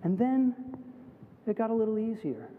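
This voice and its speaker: A man's voice: high voice, moderate pace. A Canadian man preaching a sermon, telling stories and acting out the voices of the people in them. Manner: animated storytelling, acts out quoted voices. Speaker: pastor. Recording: tinny phone-like sound in a reverberant hall.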